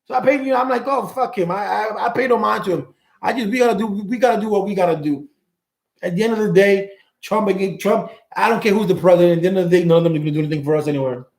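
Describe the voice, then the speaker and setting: Fast-talking raspy guy hosting a call-in show, blunt and cussing, echoey room. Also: high voice, darkish tone. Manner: blunt, swears freely, repeats words while thinking. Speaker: host. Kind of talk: live call-in chat.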